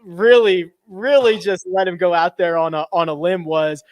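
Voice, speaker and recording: High-voiced, excitable man hosting a show. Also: moderate pace, no room sound. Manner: animated, breaks news to the panel. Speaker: podcast host. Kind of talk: excited banter with co-hosts. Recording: dry close mic.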